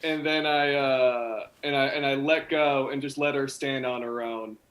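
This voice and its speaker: A man's voice: mid-range voice, steady tone. A man playing in a tabletop game, laughing often as he chats. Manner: slow, bright, laughs often. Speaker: player. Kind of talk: tabletop role-play chat.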